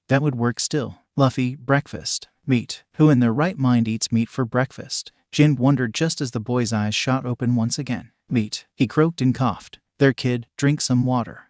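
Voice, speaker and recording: Male storyteller, medium pitch, steady narration, dry close mic, no room sound. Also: dry recording. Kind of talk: fan fiction read-aloud.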